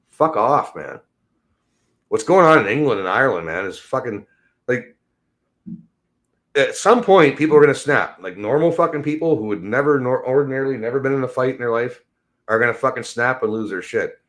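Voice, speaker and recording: A man's voice: sing-song, fairly quick, a bit bright. Male podcast host, profane rambling solo rant, agitated and exasperated. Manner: swings between low mutters and high exasperation.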